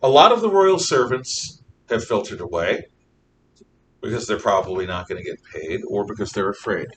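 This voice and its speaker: Animated male history teacher lecturing. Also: fairly low pitch, moderate pace. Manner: animated storytelling, frequent throat clearing. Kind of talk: classroom lecture. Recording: distant mic with faint noise.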